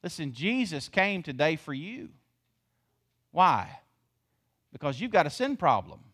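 Animated preacher man. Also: fairly high pitch, a little slow, husky. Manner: lively, emphatic preaching with rhetorical questions; folksy, calls the congregation y'all. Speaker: pastor. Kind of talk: sermon.

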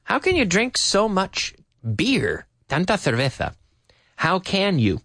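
Male radio English teacher, animated and a bit high-voiced, dry close studio sound, drills phrases slowly. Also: no room sound. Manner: chatty, laughs often, repeats phrases slowly for learners.

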